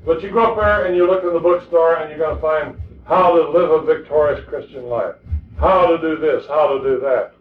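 A man's voice: fairly high pitch, moderate pace, slight background noise. A man preaching a sermon in an earnest, emphatic way, often repeating words as he presses a point. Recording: distant, echoey, tinny lo-fi recording.

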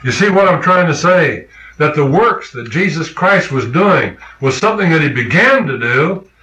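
A man's voice: fairly high pitch, animated, moderate pace, sharp tone, lo-fi sound. Emphatic preacher man in an echoey room. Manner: emphatic, questioning the congregation. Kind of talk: sermon.

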